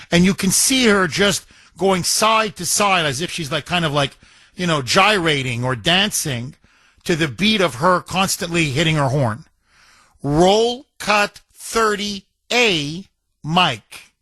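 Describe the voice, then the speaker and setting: High-voiced indignant talk radio host man. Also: bright, forceful tone, no echo. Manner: indignant, emphatic, repeats phrases for effect.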